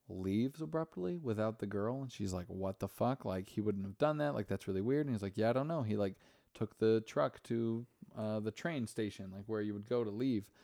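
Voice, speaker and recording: A young man hosts a podcast, recapping a film in a loose, rambling way, full of swearing and acted-out lines. His voice sits low, and the recording is dry and close. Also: dark tone, no echo. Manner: profane, rambling, acts out characters' lines. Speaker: podcast host. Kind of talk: casual chat, movie recap.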